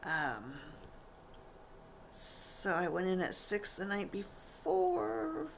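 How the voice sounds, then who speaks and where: A woman's voice: mid-range voice, very slow, vocal fry, a little hiss or hum. A middle-aged woman vlogger telling a personal story to camera in a chatty, candid way, acting out what others said. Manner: chatty, candid, animated retelling with quoted voices.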